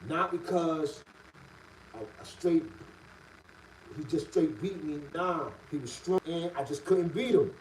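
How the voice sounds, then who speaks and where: A middle-aged man from the Bronx with a New York City accent tells a story in a casual, streetwise way, his voice sitting a little high. He sounds a bit away from the mic, with faint ambient noise behind him. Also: slow pace, pauses often, distant mic, low-quality recording. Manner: streetwise, repeats "you heard?" and "B", gets loud and high when worked up.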